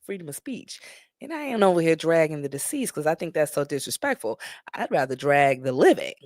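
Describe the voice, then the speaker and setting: Lady streamer, low voice swinging all over, dry close mic. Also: fairly quick, dry recording. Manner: animated, laughs often, talks straight to viewers. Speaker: live stream host. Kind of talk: casual commentary chat.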